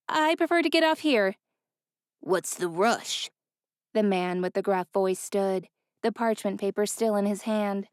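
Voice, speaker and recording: A woman narrating a fantasy romance audiobook in an even, clear storytelling voice. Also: medium pitch, no room sound, clean studio sound. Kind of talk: scripted narration.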